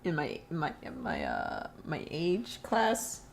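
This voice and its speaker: A woman's voice: low-pitched, huge pitch swings, takes it slowly, gravelly, a little hiss or hum. A teenage girl live streaming, chatting casually and rambling through stories, laughing often and swearing freely. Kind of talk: casual chat while drawing on stream.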